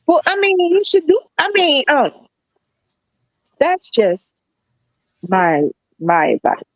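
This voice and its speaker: A blunt, animated woman co-host telling a story in casual chat, swearing freely. Her voice sits a little high, and the sound is dry and close. She delivers it with loud, easy confidence. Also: slow pace, no echo, highs cut off. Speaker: podcast co-host.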